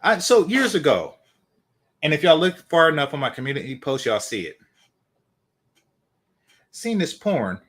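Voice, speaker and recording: A man's voice: on the high side, big pitch swings, normal speed, long pauses, a bit bright. A man hosting a dating commentary channel, talking casually with blunt, dismissive swearing.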